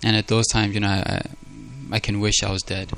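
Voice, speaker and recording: A man's voice: fairly low pitch, level tone, moderate pace, creaky, a bit bright, slight background noise. A man preaching a sermon in an earnest, confessional way, often repeating words as he speaks. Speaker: pastor.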